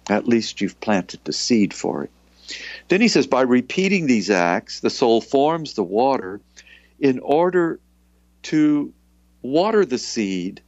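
Gentle man reading devotional text, muffled. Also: mid-range voice, dry recording. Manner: gentle, reflective, often adds "you know". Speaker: spiritual teacher. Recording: dull, lo-fi, dry recording.

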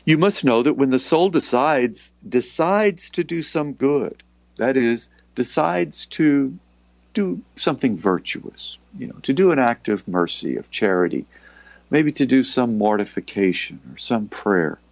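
A man in a gentle, reflective tone reads a devotional passage and breaks off to explain it in plain words, often adding "you know". His voice sits at a middle pitch. The recording is dry, with a dull, lo-fi sound. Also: animated, unhurried, vocal fry, dry recording. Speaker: spiritual teacher. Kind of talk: reading a devotional text aloud with commentary.

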